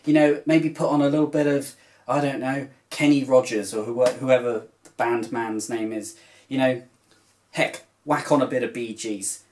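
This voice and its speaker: A man's voice: mid-range voice, steady tone, normal speed, darkish tone. A man who vlogs about cross stitch talks to camera in a casual, rambling, heartfelt way, with many filler phrases along the way.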